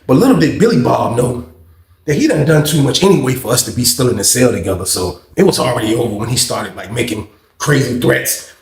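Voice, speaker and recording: A young man recounts a jail brawl in an excitable, profane rush, jumping into shouted voices of the people in it. His voice sits high and swings widely. It is recorded in an echoey room. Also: a little fast. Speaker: storyteller. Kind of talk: animated jail storytime.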